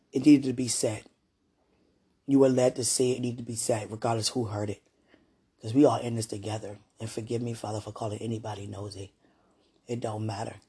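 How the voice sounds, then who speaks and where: Woman, husky casual monologue, prayerful then giggly, halting delivery. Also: very deep voice. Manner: prayerful, swings from hushed musing to giggling excitement; laughs often, talks in fits and starts. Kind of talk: casual spoken monologue to a loved one and to God.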